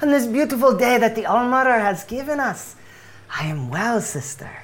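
A woman's voice: mid-range voice, lively intonation, unhurried, voice pushed up, close to an everyday voice. A woman voicing a zealous female cow-like preacher with a put-on accent who makes solemn, sing-song proclamations. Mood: preaching.

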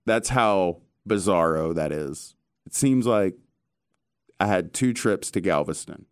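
A man hosting a casual chat, telling stories in an animated way with casual swearing. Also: sits low, takes it slowly, clean tone, dry recording, clean studio sound.

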